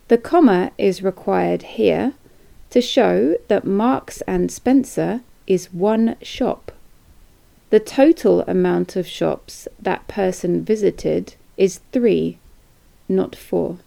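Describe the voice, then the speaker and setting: A woman's voice: medium pitch, slow pace, vocal fry, warm tone. A woman teacher, reading a scripted podcast lesson and spelling out example sentences with care. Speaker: English teacher.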